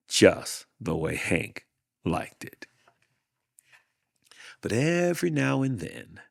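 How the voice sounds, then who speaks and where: A man hosting a show, reading a children's storybook aloud in a deliberate, expressive way. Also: low voice, vocal fry, husky, no echo, studio quality. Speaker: host reading a children's book.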